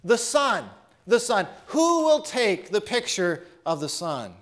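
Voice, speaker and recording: A man doing a stubborn auctioneer who keeps repeating his call for bids. The voice is high and loud for a man. He presses on steadily. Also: sing-song, slow pace, exaggerated voice. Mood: insistent. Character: persistent male auctioneer, calm and insistent.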